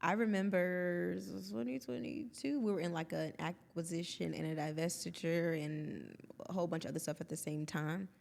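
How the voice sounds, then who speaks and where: A woman's voice: lowish voice, moderate pace, gravelly, hardly any pauses, darkish tone, long reverb tail. A woman in her thirties, co-hosting a podcast, chatting openly and expressively with quoted asides. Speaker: podcast co-host. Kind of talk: candid conversational podcast chat.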